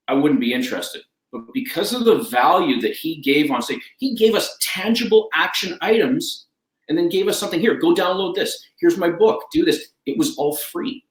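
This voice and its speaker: A man's voice: a little high, lively intonation, normal speed, a bit bright, echoey room, rough recording. A man talking as a guest life coach, enthusiastic and emphatic, repeating his key phrases. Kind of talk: energetic conversational talk.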